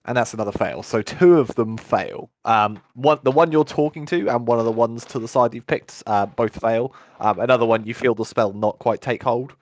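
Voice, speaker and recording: A man's voice: medium pitch, normal speed, few pauses, no room sound, clean studio sound. Chatty man running a tabletop game. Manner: relaxed and chatty, laughs often, many fillers. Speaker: game master.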